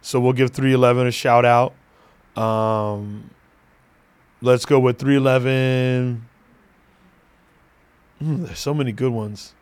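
A man's voice: mid-range voice, fairly even intonation, slow pace, pauses often, a little mellow, clean tone. A man hosting a podcast in loose, joking chat, laughing often and swearing freely. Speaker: podcast host.

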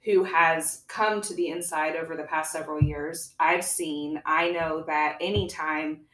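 A woman's voice: sits low, fairly even intonation, a little slow, fairly bright tone. A woman hosting a podcast interview, asking earnest, admiring questions. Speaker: podcast host. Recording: echoey room.

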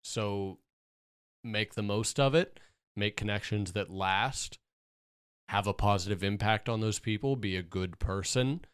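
A man's voice: lowish voice, unhurried, smooth, no room sound. A man co-hosting a casual podcast at a studio mic, wry and steering the conversation. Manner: dry, wry, steers the talk. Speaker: podcast co-host. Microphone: studio microphone.

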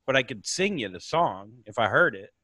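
A man from Florida hosts a casual podcast and teases his guest in playful jabs. His pitch moves around a lot, and the sound is close and dry with no room echo. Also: very animated, moderate pace, sharp tone, breathy edge. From Florida, USA. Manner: teasing, joking. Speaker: podcast host.

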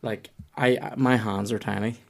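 A man's voice: lowish voice, steady tone, moderate pace, creaky. A man, a podcast guest who talks casually and jokes at his own expense, swearing as he goes. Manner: self-mocking, banters and swears. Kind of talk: casual chat.

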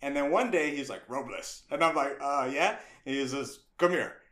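A middle-aged man, a guest on an interview podcast, telling stories from his youth in a casual, animated way and acting out the voices of people he quotes. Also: mid-range voice, moderate pace. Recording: roomy echo.

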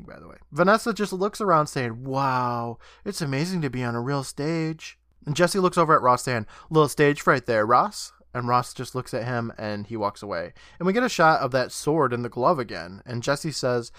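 A man's voice: mid-range voice, fairly bright tone, dry recording, studio quality. A man co-hosting a podcast, casually retelling a TV episode scene by scene and slipping in jokes. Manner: jokey, retells scenes quoting lines. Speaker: podcast co-host. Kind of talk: casual chat recapping a TV episode.

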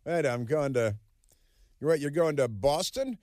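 A man's voice: a little high, animated, normal speed, a little mellow, no room sound, studio quality. A man hosting a political talk radio show, talking in a sarcastic, mocking, rambling way full of fillers. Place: radio studio. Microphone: studio microphone.

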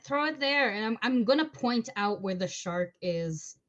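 A woman with a slightly high voice playing a tabletop game. She is excitable, swears freely, and restarts her sentences often. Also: a little slow, highs cut off. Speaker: player. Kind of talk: tabletop game play, casual chat.

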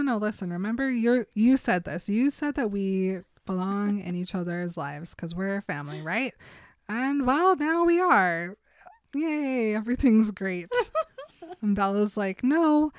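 A woman's voice: mid-range voice, dry recording, studio quality. A woman casually recapping a book, acting out the characters' lines as she goes.

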